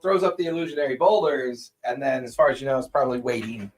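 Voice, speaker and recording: A man's voice: medium pitch, fast talker, soft background music. A man running a tabletop game as game master, describing scenes steadily with the odd filler "uh".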